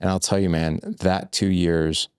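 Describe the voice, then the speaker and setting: A man's voice: deep voice, flat delivery, a little slow, a little mellow, clean tone, dry recording, clean studio sound. A man who is a guest on a podcast, telling a personal story in loose, candid conversation, full of "like" and "I was like". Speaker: podcast guest, fatherhood coach.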